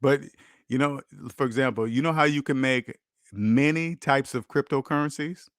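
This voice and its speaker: A man's voice: mid-range voice, moderate pace, no echo, studio quality. A man hosting a finance channel, talking casually and preachily about money and debt, acting out the voices of people he quotes.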